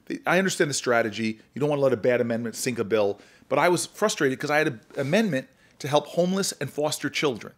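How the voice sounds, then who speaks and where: A middle-aged man, a senator, telling stories in an earnest, animated way during a podcast conversation. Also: a little high. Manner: earnest, animated storyteller, often acts out dialogue.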